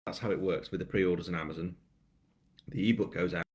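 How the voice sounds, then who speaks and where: A British man with a deep, low voice, chatting loosely through a live stream. He rambles and fills gaps with ums, and pokes fun at himself. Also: fairly even intonation, quick pace, darkish tone. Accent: British English. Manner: rambling, chatty, self-mocking, with many fillers. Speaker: crime novelist hosting a live book launch. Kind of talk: casual live-stream chat.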